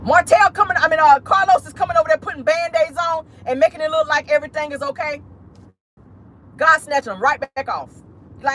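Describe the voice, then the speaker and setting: A woman's voice: high voice, a little fast, fairly bright tone, a little hiss or hum. A woman giving casual pop-culture commentary on her vlog, emphatic and preachy, with frequent profanity. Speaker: commentary vlogger.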